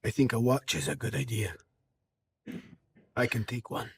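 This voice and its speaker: A man speaking in character at a tabletop game, gruff and clipped. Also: mid-range voice, normal speed, no room sound, clean studio sound. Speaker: player.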